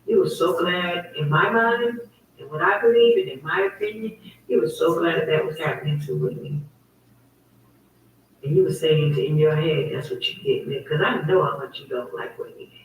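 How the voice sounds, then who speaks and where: A woman's voice: fairly low pitch, moderate pace, distant mic, slight background noise. Emphatic woman in an echoey room. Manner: emphatic, repetitive, heated storytelling. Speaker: host of her own online talk show. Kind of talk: casual livestream monologue.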